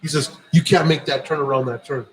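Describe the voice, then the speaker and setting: A man's voice: on the high side, a little fast, rough recording. A man hosting a podcast, telling a long profane story in a casual way and acting out the dialogue. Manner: profane, animated anecdote-telling with quoted dialogue. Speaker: podcast host.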